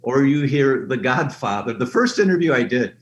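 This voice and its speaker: Animated man telling stories in a roomy space. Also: moderate pace, highs cut off. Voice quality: animated, breaks into high voices for quoted people. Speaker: guest. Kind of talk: enthusiastic storytelling in an interview. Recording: roomy remote line with faint noise.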